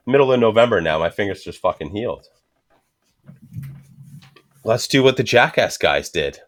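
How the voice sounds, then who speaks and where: A deep-voiced man in his thirties, speaking at normal speed, casually tells a story as a podcast guest. He's an animated, foul-mouthed storyteller who swears constantly and performs the other people's voices.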